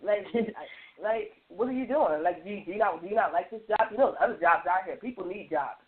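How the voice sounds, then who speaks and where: A woman on a radio panel, telling stories with lively restarts and lots of "like". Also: medium pitch, brisk. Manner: animated storytelling with many restarts and repeated "like". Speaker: roundtable panelist. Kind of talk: casual radio panel chat. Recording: tinny phone-line sound.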